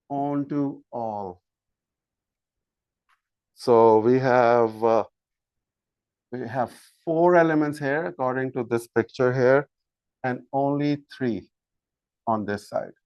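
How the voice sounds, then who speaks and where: A man lecturing a university math class, slow and halting, with frequent fillers and restarts while he draws on the board. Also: medium pitch, smooth, no room sound. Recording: dull lo-fi lecture capture.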